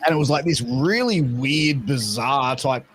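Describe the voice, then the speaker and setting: Man, 30s, laid-back, casual podcast chat, average pitch, faint background hiss. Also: animated, unhurried, a bit bright. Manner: laid-back, says bro and dude a lot.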